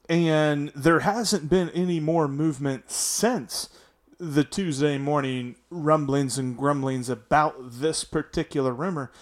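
A man hosting a sports podcast alone, talking in a chatty, upbeat and self-deprecating way. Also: medium pitch. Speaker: podcast host. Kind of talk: casual solo sports podcast monologue.

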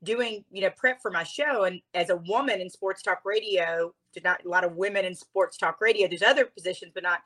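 A woman's voice: medium pitch, fairly quick, few pauses. Heartfelt woman telling her story. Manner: heartfelt, animated, near tears at times. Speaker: interview guest, speaker. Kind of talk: emotional storytelling interview.

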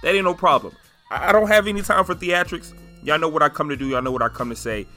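A man's voice: fairly high pitch, quick pace, soft background music. A man in his twenties hosting a solo sports podcast, talking emphatically and hammering his points home with repetition. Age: 20s. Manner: emphatic, animated, repeating points for effect. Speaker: podcast host.

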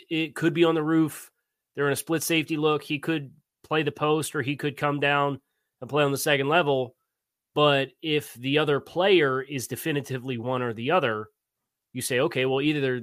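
This is a man with a Philadelphia accent co-hosting a football podcast. His voice is bright and forceful, and he talks in quick, animated bursts. The recording is dry and close to the mic. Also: medium pitch, no echo. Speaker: podcast co-host, football analyst. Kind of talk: casual sports chat.

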